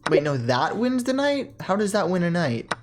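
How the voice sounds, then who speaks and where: A chess player giving casual commentary on their own game at home, thinking aloud with quick self-corrections and bursts of excitement. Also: mid-range voice, a little hiss or hum.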